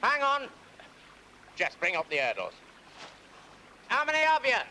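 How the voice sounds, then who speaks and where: An actor playing a blunt, practical rural farmer who speaks in short, terse phrases, in a 1970s TV crime drama. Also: male voice, very high-pitched, wildly swooping pitch, unhurried, sharp tone, full character voice, rough recording. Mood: brisk practical. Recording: 1970s TV film sound, audible hiss.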